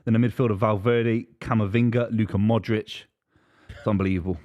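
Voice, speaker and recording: Fast-talking man, jokey co-host. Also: fairly low pitch, fairly even intonation, dull audio. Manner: fast, jokey, reads lineups aloud. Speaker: football show co-host. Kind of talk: casual live football chat.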